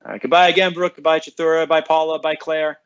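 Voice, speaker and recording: A man's voice: a little high, level tone, fairly quick, fairly bright tone, clear, resonant tone, dull audio. A man who works as a school librarian, chatting casually on a live stream with students. He reads out their names and comments and answers them cheerfully.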